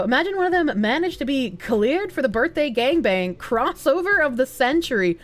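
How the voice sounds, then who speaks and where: A young woman livestreaming, reading chat messages aloud, thanking donors and laughing often in a loose, animated way. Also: high voice, moderate pace, few pauses. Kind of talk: live stream chat reading.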